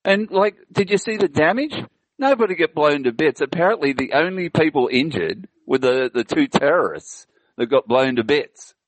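A man's voice: a little high, expressive, normal speed, no echo. Rambling, indignant man. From Australia. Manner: rambling, indignant, full of fillers. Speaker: podcast co-host. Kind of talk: casual chat.

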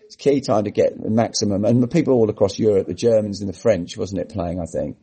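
A man's voice: on the low side, quick pace, warm tone, slightly rough. A man co-hosting a podcast in casual chat, sardonic and mocking, often swearing. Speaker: podcast co-host.

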